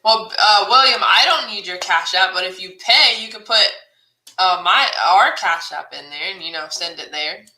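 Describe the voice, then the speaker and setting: A woman's voice: on the low side, normal speed, sharp tone. A woman co-hosting a live-stream auction, chatting with viewers, reading their comments and calling bids with frequent laughter. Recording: roomy echo.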